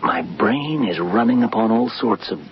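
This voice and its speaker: An actor in a radio drama playing a brooding gentleman fixated on terror, measured and darkly musing. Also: mid-range voice, expressive, close to an everyday voice. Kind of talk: 1950s-style BBC radio drama acting. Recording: dull lo-fi radio recording with faint hiss.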